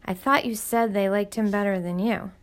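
A woman's voice: medium pitch, steady tone, normal speed, close to an everyday voice. A woman voicing a nervous, apologetic teenage boy in a storybook reading. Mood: anxious.

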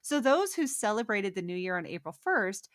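A woman's voice: medium pitch, normal speed, dry recording. A young woman co-hosting a casual podcast, swearing freely and telling stories with emphatic bursts of energy. Her voice sits in a middle register. The recording is dry and close, with no room sound. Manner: animated and profane, storytelling with emphatic bursts. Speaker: podcast co-host. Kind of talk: casual chat.

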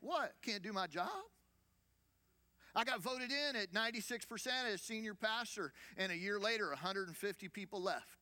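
A man's voice: high voice, a little fast, few pauses, sharp tone. A man preaching as a senior pastor, conversational, with rhetorical questions and repeated phrases. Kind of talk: sermon.

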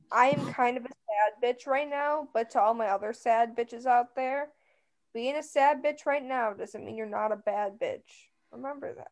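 A young woman co-hosting a casual podcast, blunt and slangy with a joking edge. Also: on the high side. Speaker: podcast co-host. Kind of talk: casual chat.

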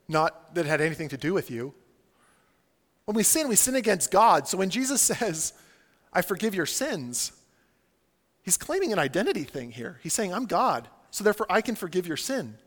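A man preaching a sermon with a fairly high, very lively voice that leaps up and drops down as he acts out quoted voices. His talk is casual and loose, full of "like". The long reverb of a church hall trails behind each phrase. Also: brisk. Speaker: pastor.

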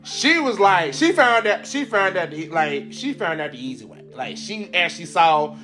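A man hosting his own podcast, telling a casual story in an animated way, laughing often and acting out the voices of people he quotes. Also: sits high, normal speed, soft background music. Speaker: podcast host.

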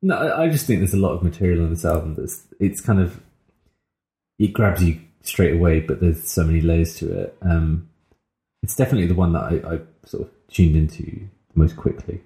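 A man co-hosting a casual music podcast, speaking in a soft, hesitant way. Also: sits low, brisk, roomy sound. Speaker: podcast co-host.

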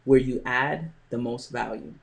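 A man hosting a podcast, telling a motivational story with frequent pauses and restarts. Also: medium pitch, gravelly. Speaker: podcast host.

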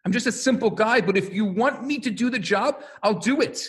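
A man's voice: sits high, brisk, a bit bright, voice pushed up. A man voicing a humble, reluctant male prophet who pleads earnestly that he is not the best one for the job.

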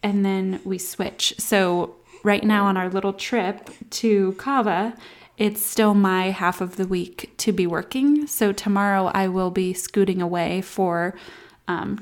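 A woman in her thirties talks openly in a casual vlog about life as a new mom. Her delivery is reflective and candid, sometimes close to tears. It sounds like personal chat aimed at her followers. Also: mid-range voice. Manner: candid, reflective, soft baby talk asides. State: emotional, near tears at times.

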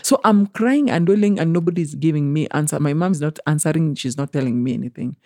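Young Kenyan woman, guest storyteller, warm mellow voice, dry close sound, lively quoted voices. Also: deep voice, a little fast, dry recording. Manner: animated, acts out quoted voices, mixes in Swahili. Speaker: interview guest. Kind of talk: emotional personal storytelling.

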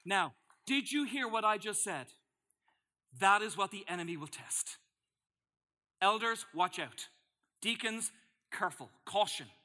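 A man's voice: sits high, expressive, measured pace, long pauses, pushed and bright. A man preaching a sermon as pastor, telling a humorous story and acting out his own reactions. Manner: storytelling with acted-out asides.

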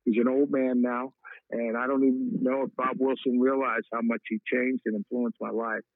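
A man's voice: mid-range voice, flat delivery, moderate pace, dry recording. Man telling a story over a tinny line. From Wichita, Kansas, USA. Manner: frequent "uh" fillers, heartfelt and reflective. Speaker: guest. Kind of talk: storytelling interview. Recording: tinny phone-like line, dry.

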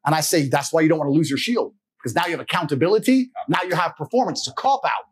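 A man's voice: on the high side, animated, rapid-fire, breathy edge. A man giving a blunt, profane, lecturing monologue as a podcast guest. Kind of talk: forceful monologue.

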